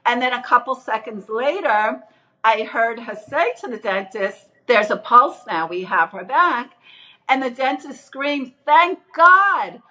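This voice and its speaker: A middle-aged woman earnestly retelling her near-death experience in casual testimony, acting out the quoted voices with big jumps in pitch. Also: lively intonation, unhurried, bright, forceful tone, low-quality recording.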